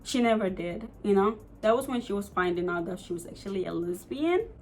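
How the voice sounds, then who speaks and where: Animated, swearing young woman storyteller. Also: mid-range voice, a little fast, slight background noise, low-quality recording. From United States. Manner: animated, profane, many "like" and "you know" fillers. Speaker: vlogger. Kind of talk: story-time vlog.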